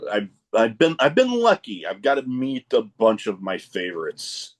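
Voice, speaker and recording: Excitable male podcast host, lively pitch. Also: normal speed. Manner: excitable storyteller, repeats starts of phrases. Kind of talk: casual chat.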